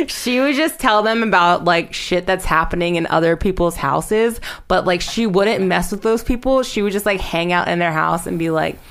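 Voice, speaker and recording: On a casual storytelling podcast, a young woman tells friends a spooky story, rambling, laughing, and swearing along the way. Her voice is fairly low, expressive, and unhurried.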